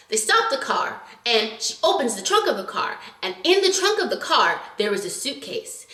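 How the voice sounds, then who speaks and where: A young woman vlogger recapping a drama in animated, chatty casual talk, acting out scenes as she goes. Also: on the high side, reverberant.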